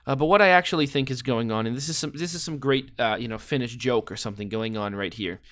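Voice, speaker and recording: Guy chatting loosely over a geo game, mid-pitched, dead dry mic, goofs around while he guesses. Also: fast, fairly bright tone, no room sound. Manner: rambling, joking, thinking aloud. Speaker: gameplay commentator. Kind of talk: casual game commentary.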